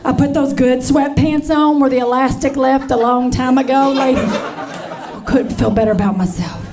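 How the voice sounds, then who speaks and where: A woman's voice: sits high, fairly even intonation, normal speed. Brassy woman comic over crowd laughter. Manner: brassy, chatty, addresses the crowd as honey and y'all. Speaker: stand-up comedian. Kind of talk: stand-up comedy set. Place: comedy stage before a live audience. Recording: live comedy show with crowd laughter.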